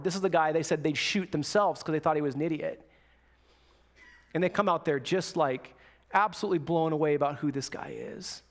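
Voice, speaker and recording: A young man preaching a sermon as a pastor, telling a story in a casual way and acting out the voices of the people in it. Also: a little high.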